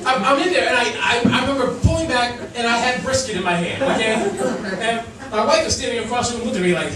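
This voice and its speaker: A male stand-up comedian telling a story on stage, animated and acting out voices while laughing through his lines. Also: very high-pitched, quick pace. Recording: echoey club sound from far off with crowd. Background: laughing audience.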